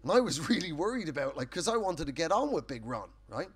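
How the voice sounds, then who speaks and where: A man's voice: fairly high pitch, very animated, fast. An Irish man doing a live stand-up set on a festival stage, telling sweary, punchy stories full of tag questions. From Ireland. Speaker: stand-up comedian.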